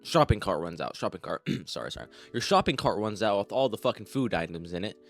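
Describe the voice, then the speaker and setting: A young man tells a crude, meandering comedy story, swearing freely and talking straight to the listener. His voice sits low but swings up and down with a lot of expression. Soft music plays underneath. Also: sing-song, fast talker, gravelly. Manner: rambling, crude, heavy swearing, addresses listener as you. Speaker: storytime vlogger.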